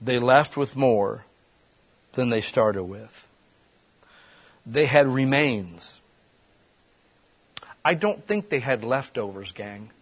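A man preaching a sermon in a conversational way, breaking into quick acted-out voices. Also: medium pitch, expressive, slightly rough. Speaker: pastor.

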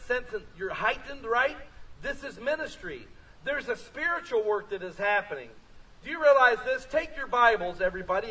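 A man preaching a lively sermon as pastor, telling stories and rising to shouts. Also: high-pitched, slightly rough, recorded from a distance, rough recording. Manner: energetic, storytelling, rising to shouts.

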